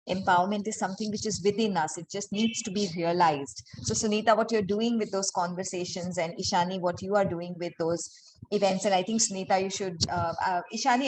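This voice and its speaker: Woman moderating an online panel, encouraging, rambly, kinda low voice, faint noise behind. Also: poor audio. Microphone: video call.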